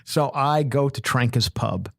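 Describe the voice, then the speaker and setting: A man hosting a comedy podcast, telling a long story in an animated, self-mocking way that often repeats itself. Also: medium pitch, a little slow, vocal fry, no room sound. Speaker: podcast host.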